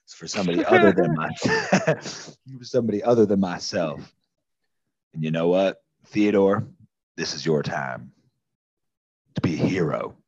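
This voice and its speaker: A man's voice: low-pitched, breathy edge, dry recording. A man playing a pushy, bombastic male army recruiter who speechifies and then turns threatening. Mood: pompous. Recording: dull lo-fi audio.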